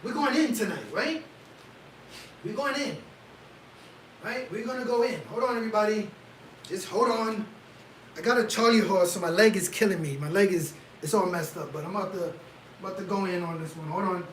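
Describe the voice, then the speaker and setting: A man hosting a casual livestream, talking in an animated, rhetorical way and often asking "right?" for agreement. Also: high-pitched, normal speed, long pauses, slight background noise, poor audio. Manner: gets loud and excitable. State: leg cramp. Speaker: livestream host.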